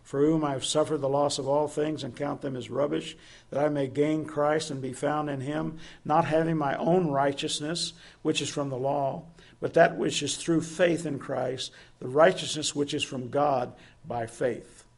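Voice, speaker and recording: A man's voice: on the high side, steady tone, normal speed, creaky. A man preaching a sermon, earnest and asking his listeners direct questions.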